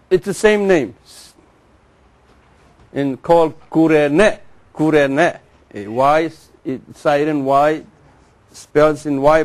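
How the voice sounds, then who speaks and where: A man giving a classroom lecture, repeating names slowly and having the class say them after him. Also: on the high side, a little mellow. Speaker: Bible teacher.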